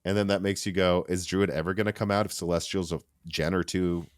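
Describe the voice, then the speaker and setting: A man hosting a casual tech podcast, talking in an animated, rambling way with restarts and asides. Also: sits low, fairly quick, no echo, studio quality. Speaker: podcast host.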